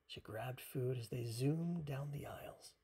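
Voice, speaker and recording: A parent reading a picture book aloud at bedtime, softly and half-whispered. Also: medium pitch, slightly rough. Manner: soft, half-whispered, unhurried.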